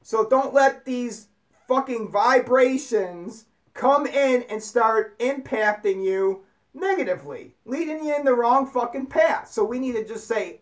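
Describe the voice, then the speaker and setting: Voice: mid-range voice, lively intonation, unhurried. A speaker delivers a spiritual talk as an emphatic, profanity-laced rant. The speaker hammers each point with swearing and blunt repetition. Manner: emphatic, ranting, heavy swearing.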